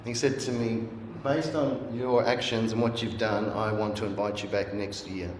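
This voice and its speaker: A middle-aged man with a lowish voice and fairly even intonation speaks at normal speed as a guest speaker. His sermon unfolds as an earnest personal story in which he imitates voices from memory. Faint room hiss and a roomy echo fill the echoey church hall.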